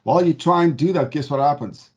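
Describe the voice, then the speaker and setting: Man with a higher voice explaining finances. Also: quick pace, muffled recording. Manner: conversational, keeps checking in with "okay?"; emphatic, stresses key words. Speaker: mortgage advisor. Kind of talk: explanatory talk to camera.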